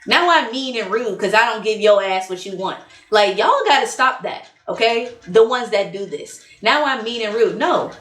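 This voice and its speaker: A woman's voice: on the high side, lively intonation, normal speed, few pauses, fairly bright tone. A woman vlogging relationship advice in a blunt, chatty way, laughing often and repeating points for emphasis. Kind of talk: candid casual monologue. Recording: roomy echo.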